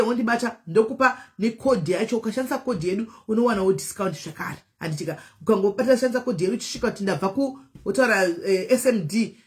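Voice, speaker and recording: A woman host who talks fast and casually to her viewers. She flips between Shona and English mid-sentence in a chatty, unscripted flow. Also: mid-range voice. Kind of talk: live chat show talk.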